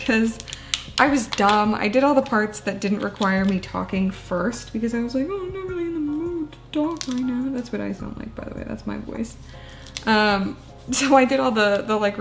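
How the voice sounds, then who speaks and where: Chatty woman journaling and laughing. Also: fairly high pitch. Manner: chatty, self-deprecating, laughs often. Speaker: booktuber. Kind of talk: casual chat while crafting.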